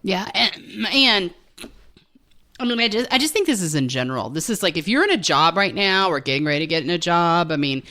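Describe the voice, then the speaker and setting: A woman talks frankly in a casual podcast chat, swearing freely. Her voice sits very low for a woman. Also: lively intonation, a little fast, pushed and bright. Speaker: podcast co-host.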